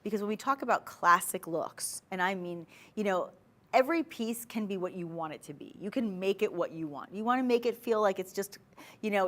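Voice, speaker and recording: A woman hosting a live TV shopping show, selling jewelry in a chatty, persuasive way and talking straight to viewers. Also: medium pitch. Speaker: shopping channel host. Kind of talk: live TV jewelry sales pitch. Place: TV studio.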